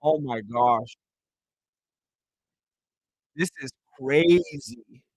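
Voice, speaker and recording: A young livestream host reads viewer comments and thanks his fans, laughing often and sounding excitable, though his mid-pitched voice is turning hoarse from so much talking. He speaks extremely slowly, and the recording is dry and studio-clean.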